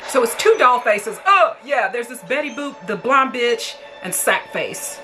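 A woman's voice: on the high side, expressive, unhurried, over music. A woman reacting to a horror movie she is watching for the first time, talking back at the characters on screen and swearing freely.

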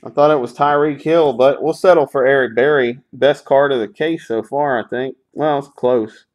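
A man's voice: mid-range voice, normal speed. A man hosting a live sports card break, calling out pulls in a sarcastic, grumbling, profane way.

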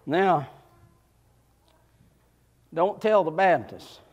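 A man preaching a sermon, with fervent shouts and folksy asides to the congregation. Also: a little high, lively intonation, drawn-out words, lo-fi sound.

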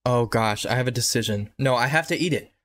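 A man giving excitable horror game playthrough commentary, talking back to the game and repeating himself. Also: mid-range voice, a little fast. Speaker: gaming video creator. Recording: noticeable background noise.

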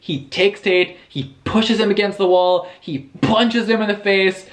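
Animated, profane young man recapping a book. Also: high voice, unhurried. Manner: animated, profane, sarcastic retelling with mock character voices. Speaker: book reviewer. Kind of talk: casual book recap vlog.

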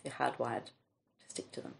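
An Australian woman hosting a casual comedy podcast chat, telling stories with lively quoted asides. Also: normal speed, slight background noise. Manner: storytelling, animated quotes. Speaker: podcast host.

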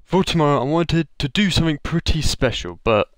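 Male gaming vlogger, smooth voice, dry close sound, rambling casual delivery. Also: on the high side, lively intonation, fairly quick, no echo. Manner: rambling, loose, with restarts and trailing phrases. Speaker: gaming YouTuber. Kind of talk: casual vlog update to viewers.

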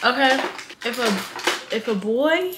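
A woman's voice: a little high, expressive, takes it slowly, heavy background noise. A twenty-year-old woman from Atlanta with a Southern accent, chatting dramatically to camera in a vlog, full of slang. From Atlanta, Georgia. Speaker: vlogger. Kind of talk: casual chat to camera.

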